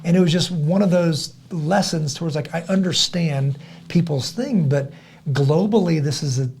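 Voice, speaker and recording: A man's voice: fairly high pitch, moderate pace, creaky, slight background noise. A middle-aged man in a podcast conversation, telling a story animatedly with frequent restarts and repeated words. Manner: animated, acts out other people's voices. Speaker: podcast guest.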